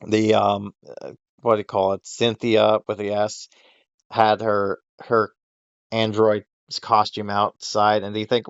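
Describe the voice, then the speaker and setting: A man's voice: lowish voice, little pitch movement, unhurried, smooth, no room sound, muffled recording. A man hosting a casual podcast chat, rambling and swearing freely, laughing often and acting out quotes. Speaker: podcast host.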